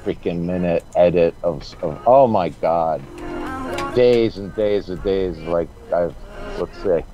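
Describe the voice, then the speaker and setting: A man's voice: sits low, lo-fi sound, over music. A man co-hosting a casual studio chat, rambling and drawing out his words. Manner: rambling, drawn-out, laughing. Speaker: co-host.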